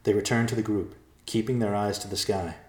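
Deep-voiced man narrating a storybook. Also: steady tone, brisk, darkish tone, echoey room.

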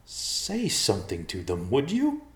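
A man voicing a timid short man who speaks in a hushed, pleading way. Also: low-pitched, animated, moderate pace. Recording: roomy echo.

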